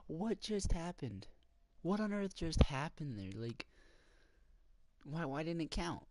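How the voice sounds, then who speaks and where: A man's voice: a little high, sing-song, a little slow, slight background noise. A young man commenting casually on his own gameplay, often swearing and exclaiming in frustration. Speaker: gamer streaming gameplay. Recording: game music loud behind voice.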